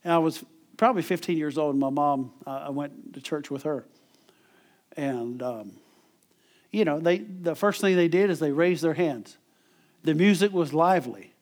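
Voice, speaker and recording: Middle-aged male preacher, conversational sermon delivery, a little high-pitched, chuckles between points. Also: normal speed, a little mellow. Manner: conversational, repeats and restarts words, chuckles often.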